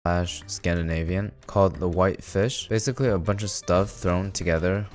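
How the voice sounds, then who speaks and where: Deep-voiced man narrating a recipe. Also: normal speed, soft background music. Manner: relaxed, chatty, wry asides while cooking. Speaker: cooking video host.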